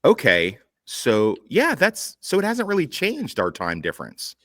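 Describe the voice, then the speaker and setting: A man's voice: medium pitch, wildly swooping pitch, measured pace, fairly bright tone, dry recording. A man hosting a casual group chat, joking, teasing and swearing freely. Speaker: podcast host.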